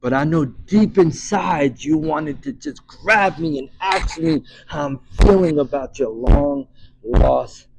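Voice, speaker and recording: Man playing a solemn anguished father, dramatic monologue, slow delivery, whispered drops, faint ambience. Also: a little high, animated, creaky, a little mellow, a little hiss or hum, full character voice, rough recording. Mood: earnest. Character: anguished grown man searching for his lost daughter.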